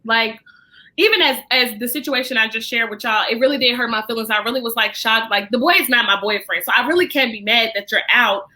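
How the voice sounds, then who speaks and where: A woman, a podcast guest, telling an animated personal story in casual chat and venting to her listeners. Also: fairly high pitch, brisk. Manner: animated, vents to listeners as "y'all".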